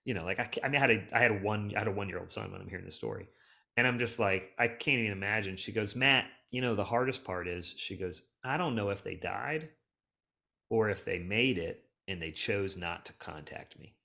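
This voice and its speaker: A man's voice: lowish voice, a little fast, gravelly. A middle-aged man, a hoarding cleanup expert, telling long rambling stories on a casual podcast. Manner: rambling, animated storyteller who restarts and jumps around. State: emotional, close to tears.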